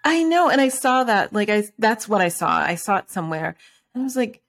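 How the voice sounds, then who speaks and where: A woman's voice: a little high, very animated, brisk, fairly bright tone. A woman from New York City hosting an interview, talking in a rambling casual way with many restarts. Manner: rambling, many restarts and fillers, laughs often. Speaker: podcast host.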